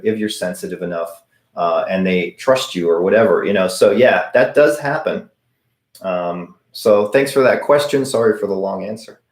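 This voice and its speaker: A middle-aged man running a paranormal channel answers viewer questions on a live Q&A stream, chatting and telling stories as he goes. His voice is slightly low, and he acts out the voices of the people he quotes. The room has an echoey sound.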